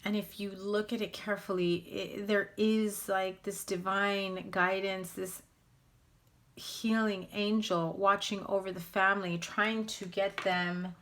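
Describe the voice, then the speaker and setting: A woman's voice: medium pitch, flat delivery, measured pace, a bit bright. A woman giving a casual spoken tarot reading to her viewers, blunt and candid, speaking straight out. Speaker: tarot reader.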